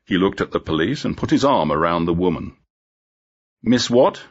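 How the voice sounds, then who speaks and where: Deep husky male story narrator. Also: expressive, fast. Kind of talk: graded-reader story narration. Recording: dull lo-fi audio.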